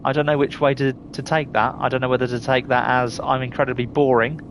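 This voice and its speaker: A man's voice: mid-range voice, huge pitch swings, measured pace, pauses often, fairly bright tone, slight background noise. A middle-aged man with a Surrey accent, chatting casually to viewers while live-streaming a game, reading out their names and laughing often. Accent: Surrey English. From England.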